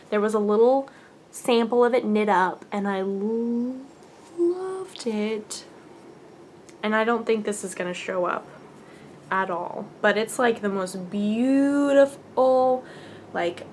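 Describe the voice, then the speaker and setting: A woman hosting a casual podcast and showing things to the camera. She gushes excitedly and often drops to a near whisper. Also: medium pitch, a little hiss or hum. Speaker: podcast host.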